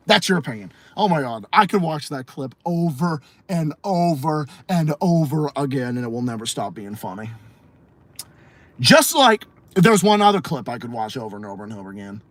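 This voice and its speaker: On his late-night livestream podcast, this man rants in a casual way, curses heavily, repeats himself and laughs a lot. He speaks at a moderate pace in an animated, mid-range voice with a fairly bright tone, with no room sound.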